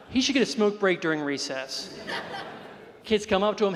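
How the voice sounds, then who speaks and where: High-pitched male comic, self-deprecating storyteller, live room with long reverb. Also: lively intonation, a little slow, long pauses, fairly bright tone. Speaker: stand-up comedian. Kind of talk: stand-up comedy set.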